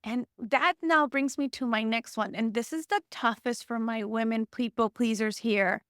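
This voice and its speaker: A woman's voice: fairly high pitch, fairly even intonation, normal speed, a bit bright, no echo, clean studio sound. A woman hosting a casual podcast conversation, earnest and encouraging as she affirms her guest. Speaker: podcast host.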